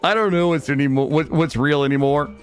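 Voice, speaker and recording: A man's voice: on the high side, a little fast, faint music behind. A young man streaming a game, chatting playfully with his viewers and swearing casually. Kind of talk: casual gaming stream chat.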